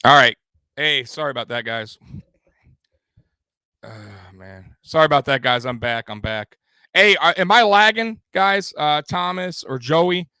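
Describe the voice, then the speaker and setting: A man's voice: on the high side, a little slow, bright, forceful tone, clean tone, no room sound. A man hosting a live sports stream, ranting in a heated, profane way and repeating himself as he vents. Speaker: sports livestream host. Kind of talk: angry live postgame rant.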